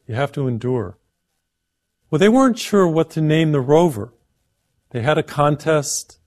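A man's voice: mid-range voice, darkish tone. A man preaching a televised sermon, earnest and emphatic, building his points through repeated lists. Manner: earnest, emphatic, list-like repetition.

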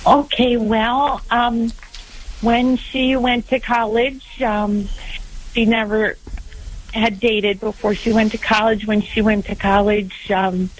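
A woman's voice: mid-range voice, low-quality recording. A middle-aged woman calling in to a radio show, hesitant and full of ums. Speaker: caller.

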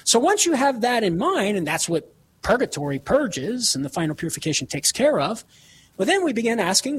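A man's voice: high voice, big pitch swings, fairly quick, slight background noise. A man speaking on a live radio show from a studio, earnest and enthusiastic, explaining at length. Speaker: radio show guest expert. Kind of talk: live radio teaching and chat. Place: home studio.

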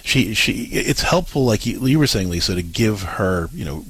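A man's voice: lowish voice, animated, normal speed, a bit bright, a little hiss or hum, rough recording. A man co-hosting a parenting advice show, explaining in an earnest way.

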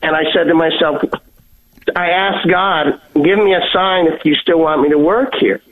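A man's voice: fairly high pitch, moderate pace. Earnest man on a tinny phone line. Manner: earnest, stumbles and repeats words. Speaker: guest sharing a testimony. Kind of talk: personal storytelling.

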